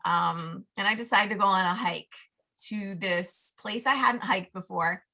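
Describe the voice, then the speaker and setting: A woman guesting on a podcast as a life coach, telling a personal story in casual chat and acting out her inner voices in an animated way. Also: medium pitch, measured pace, gravelly.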